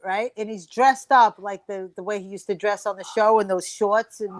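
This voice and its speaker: A woman's voice: mid-range voice, fairly even intonation, moderate pace, dry recording. A woman comedian telling a profane, brash story at a comedy round table, acting out the other voices in it. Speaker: comedian guest.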